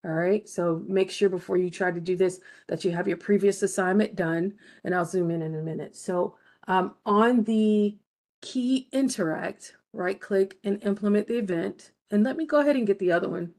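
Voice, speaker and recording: A woman's voice: mid-range voice, normal speed, a little mellow. A woman teaching a game design class, explaining each step patiently and checking in with her students. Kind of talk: recorded screen-share lesson.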